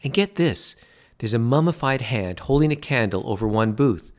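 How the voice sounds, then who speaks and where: A man's voice: medium pitch, expressive, moderate pace, voice pushed up, lightly acted. A man voicing an eager, self-satisfied father who is an extravagant salesman. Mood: enthusing.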